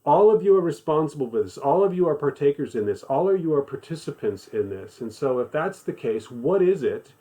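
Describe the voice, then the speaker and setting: Leading a Bible study in the American South, a man talks conversationally and repeats points for emphasis. His voice is a little high, sing-song and mellow, moving a little fast with hardly any pauses.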